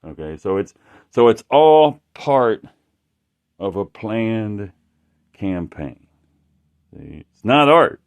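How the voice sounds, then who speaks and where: A man with a somewhat low voice rambles through a casual monologue while showing off his artwork. He swears constantly and keeps breaking off and restarting his sentences. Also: big pitch swings, clear, resonant tone. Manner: profane, rambling, halting restarts. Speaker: artist showing his work.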